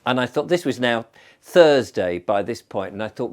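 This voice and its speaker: A man's voice: mid-range voice, lively intonation, moderate pace. A middle-aged man telling a story in a rambling, conversational way with frequent restarts. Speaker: storyteller host. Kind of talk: chatty spoken storytelling.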